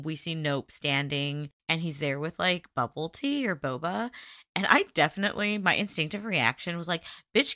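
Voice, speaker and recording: A woman's voice: fairly low pitch, bright, forceful tone, no room sound, clean studio sound. A woman co-hosting a casual chat, recapping a drama, laughing often and swearing casually. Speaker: podcast co-host recapping a drama.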